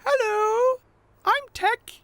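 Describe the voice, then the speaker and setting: A man's voice: extremely high pitch, drawn-out words, sharp tone, dry recording, pitched above the performer's own voice, exaggerated voice. A man voicing a small, friendly and helpful male tractor who talks politely for a cartoon. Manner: polite, kind.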